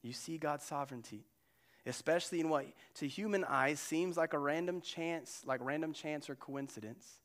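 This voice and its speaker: Male pastor, sermon, chatty and digressive, resonant, slightly high. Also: normal speed. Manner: conversational, digressive, animated storytelling.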